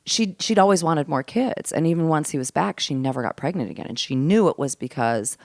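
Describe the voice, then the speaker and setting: Lively storytelling woman, low voice. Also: a little fast, no room sound, studio quality. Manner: animated storyteller, drops to a hush for serious parts; laughs often, swears casually. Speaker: podcast guest, comedian. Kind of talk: casual storytelling chat. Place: host's home.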